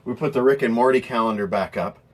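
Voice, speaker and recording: A man's voice: medium pitch, fast talker. A man hosting a casual live stream, rambling and swearing as he reads out chat names, his throat strained from voiceover work.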